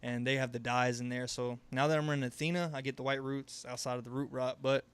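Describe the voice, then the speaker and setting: Male stream host, casual and rambling, loose with profanity; smooth, resonant mid-pitched voice. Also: fairly even intonation, quick pace. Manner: laid-back, rambling, swears freely, laughs often. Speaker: livestream host. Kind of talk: casual live Q&A chat.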